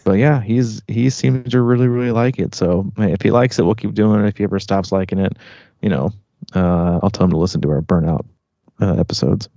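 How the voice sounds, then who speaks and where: Rambling low-voiced man telling a story. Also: fairly even intonation, fairly quick, creaky, warm tone, no echo. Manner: rambling, full of "like" and "you know", self-restarting. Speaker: triathlon podcast host. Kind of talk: casual storytelling chat. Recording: slightly muffled, dry sound.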